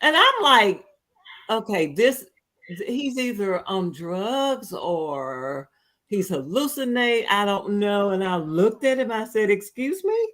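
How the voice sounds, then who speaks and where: Woman podcast host, animated storyteller, acts out voices in her stories. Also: mid-range voice, slow pace. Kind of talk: casual chat.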